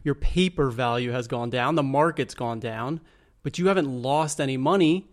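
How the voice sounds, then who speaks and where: A man's voice: mid-range voice, normal speed. Patient male financial adviser explaining. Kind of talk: explanatory interview talk.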